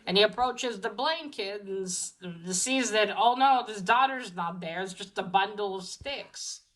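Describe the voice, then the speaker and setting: A woman's voice: mid-range voice, moderate pace, hardly any pauses, a bit bright, low-quality recording. A woman giving a casual, chatty comic book review, talking with many fillers and restarts.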